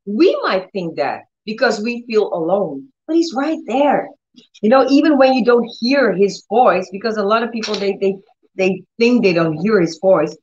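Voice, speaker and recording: A woman's voice: medium pitch, expressive, moderate pace, darkish tone, reverberant, dull audio, slight background noise. A woman preaching a conversational sermon on her own channel, earnest and repetitive, with many restarts and direct questions to her listeners. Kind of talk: conversational sermon with Bible reading.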